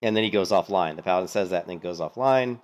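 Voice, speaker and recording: Man, casual gaming commentary, somewhat low voice, animated, rambling, fillers. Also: quick pace. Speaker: gaming streamer commentating on a hardcore game run.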